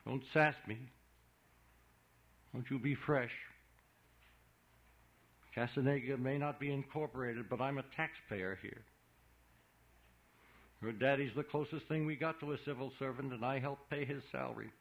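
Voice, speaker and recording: A man's voice: mid-range voice, a little slow, vocal fry, long pauses, voice pushed up. A man reading an audiobook, voicing a big, blustering small-town man who scolds a boy in folksy, ungrammatical talk. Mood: hectoring. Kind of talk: audiobook character voice. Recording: dull lo-fi recording.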